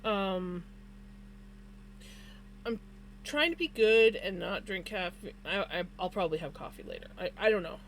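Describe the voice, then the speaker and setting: A woman's voice: mid-range voice, lively intonation, moderate pace, long pauses, slight background noise. A woman streamer chatting casually with her viewers while she crochets, greeting them by name and yawning now and then. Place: home room with a fan. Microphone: desk microphone.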